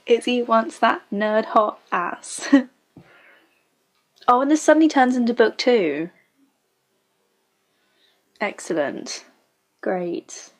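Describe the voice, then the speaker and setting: A woman's voice: on the high side, lively intonation, very slow, long pauses. A woman giving casual reaction commentary on a show, blunt and sarcastic, swearing freely. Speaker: show reviewer.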